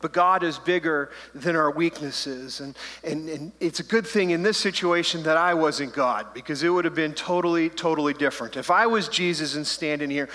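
A male pastor delivers a sermon with a bright, forceful voice pitched a little high. He talks in a loose, conversational way and tosses in playful asides. The sound rings with the long reverb of a church hall. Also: normal speed, few pauses.

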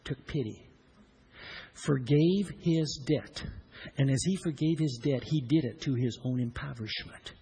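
A middle-aged man preaching a sermon, swinging between loud emphatic lines and hushed, slowed-down ones. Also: medium pitch, breathy edge, rough recording. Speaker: pastor.

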